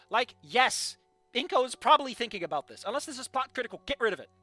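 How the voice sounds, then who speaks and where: A man's voice: extremely high pitch, big pitch swings, fairly quick, pushed and bright, no room sound, faint music behind. A man reading fan fiction aloud and breaking off into sarcastic, profane rants about the writing. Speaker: fan fiction reader and critic. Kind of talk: casual commentary.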